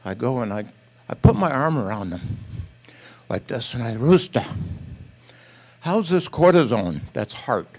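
An older man speaking from a church platform, telling a folksy, animated story with quoted dialogue in a sermon. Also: mid-range voice, normal speed, long pauses, husky. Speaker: pastor or missionary speaker.

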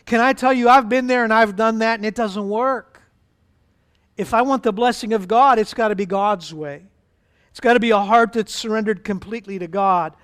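High smooth-voiced man preaching. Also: normal speed, fairly bright tone. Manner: conversational preaching with asides and acted-out voices. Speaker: pastor. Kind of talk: sermon.

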